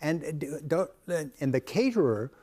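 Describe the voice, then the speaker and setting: A man's voice: fairly high pitch, sing-song, normal speed, mellow. A man being interviewed as a talk show guest, speaking hesitantly and self-deprecatingly, with frequent restarts, in a studio. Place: television studio.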